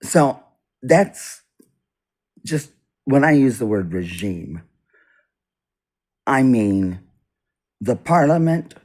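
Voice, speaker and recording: A man with a fairly low voice speaks slowly in an unscripted monologue for his own video. His pitch moves a lot, and he stops, repeats and restarts as he goes. His volume rises and drops from phrase to phrase. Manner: halting, repeats and restarts, swings loud and soft. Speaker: video blogger. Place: indoors, US east coast.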